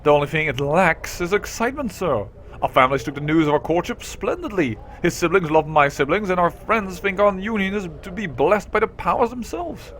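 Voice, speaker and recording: A man's voice: high-pitched, expressive, fairly quick, a bit bright, slight background noise, voice pushed up. A man voicing a bored, dramatic young noblewoman from a role-playing game, using an old-fashioned put-on British English accent and archaic speech. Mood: theatrical. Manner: archaic theatrical speech, languid and drawn out.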